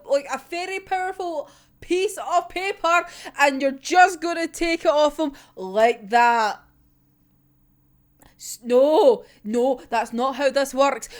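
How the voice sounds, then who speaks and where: A woman's voice: sits high, fairly bright tone. A young woman in a casual, profane reaction rant, exasperated and breaking into laughter. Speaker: manga reviewer.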